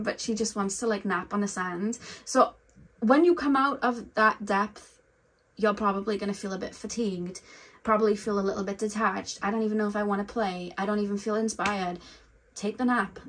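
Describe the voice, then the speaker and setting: Young woman reading tarot cards, rambly, lots of "i feel like", mid pitched voice. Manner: rambling, heavy use of "like" and "I feel like". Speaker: tarot reader. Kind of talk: casual tarot reading monologue.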